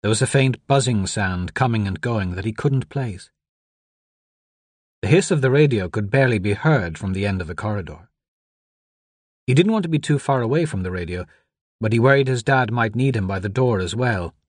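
A man reading an audiobook in steady, measured scripted narration. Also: fairly low pitch, no echo, studio quality.

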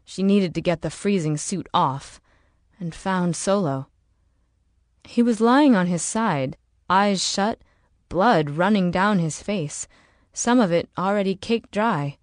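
A woman reading an audiobook in slow, measured, dramatic narration. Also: on the low side, dry recording, studio quality. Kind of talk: scripted narration.

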